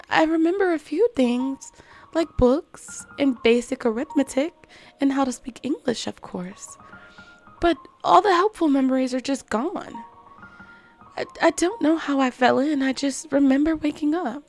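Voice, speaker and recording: A woman's voice: high voice, unhurried, darkish tone, soft background music. A woman voicing a polite, bewildered young girl named Alice in a game, speaking in a prim, apologetic way. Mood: confused.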